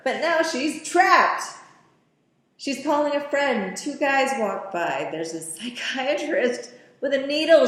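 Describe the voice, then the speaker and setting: A woman's voice: sits high, animated, unhurried, echoey room. A woman giving a casual running commentary on a film, describing scenes and throwing in wry, sarcastic asides.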